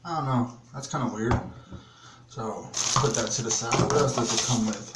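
A man's voice: medium pitch, normal speed. A man ranting in a casual product review vlog, profane and exasperated, rambling as he talks. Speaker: vlogger. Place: small home bathroom. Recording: echoey bathroom with background noise.

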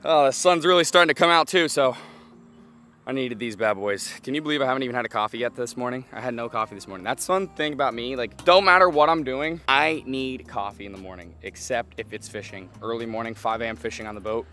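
A man's voice: medium pitch, fast, bright, forceful tone. A young man vlogging a fishing trip outdoors by a canal, talking to an action camera and exclaiming often. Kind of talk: excited outdoor fishing vlog.

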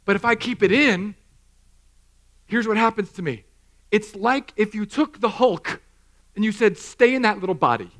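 A man in his thirties preaching a sermon in a church, animated and self-mocking, acting out little scenes. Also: sits high, normal speed, pauses often. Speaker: pastor. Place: church hall.

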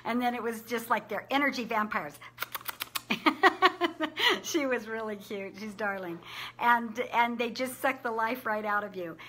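A middle-aged woman talks to the camera in a casual, chatty way and laughs often. Her voice is a little high and very bright, with an upbeat, encouraging tone. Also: measured pace, pauses often, slight background noise. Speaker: business owner sharing conference takeaways.

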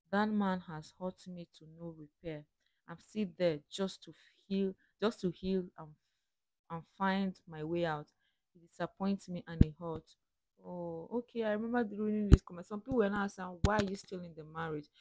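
A young African woman hosts a reaction video, reading comments aloud slowly and then chatting about them in a reflective, casual, chatty way. Her voice sits low and is a little mellow, recorded without echo.

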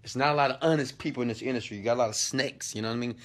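Man, business coach type, casual hype-driven live-stream talk, phone held at arm's length, medium pitch. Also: rapid-fire, slight background noise. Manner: loose and chatty, hype-driven. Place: hotel suite indoors.

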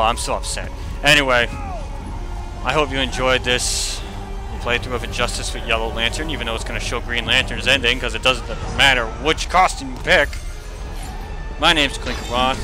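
A man's voice: medium pitch, moderate pace, over music. A young man giving casual commentary while playing a fighting game, trash-talking the opponent and grumbling in frustration.

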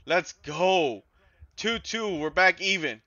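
A man commentating his own football video game as he plays, excitable and swearing, yelling at his players and groaning at their mistakes. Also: high voice, slow pace, dry recording, lo-fi sound. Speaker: gaming YouTuber. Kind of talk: live gameplay commentary.

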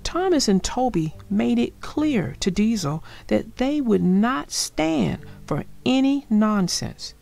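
A woman reading a children's picture book aloud in a gentle, expressive way. Her voice has a slightly gravelly grain and moves widely in pitch, at a slow, unhurried pace. Soft music plays faintly behind her. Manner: expressive, gentle storybook delivery. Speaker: storyteller. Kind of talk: children's read-aloud storytelling.

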